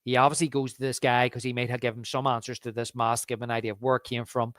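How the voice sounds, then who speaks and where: A man's voice: medium pitch, flat delivery, very fast, fairly bright tone, no echo, studio quality. A man co-hosting a podcast, chatting casually and animatedly, often acting out lines and laughing. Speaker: podcast co-host. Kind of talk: casual film chat.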